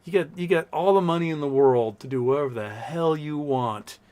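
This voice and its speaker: A man's voice: on the high side, brisk, dark tone. Blunt, profane male live-stream host. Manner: reads viewer chat messages aloud. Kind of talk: casual live stream chat.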